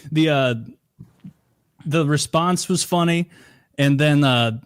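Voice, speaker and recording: A man's voice: fairly high pitch, takes it slowly, clear, resonant tone, no echo, studio quality. A man co-hosting a podcast, rambling and mocking as he chats casually. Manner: rambling, mocking, mimics others in quotes. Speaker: podcast co-host.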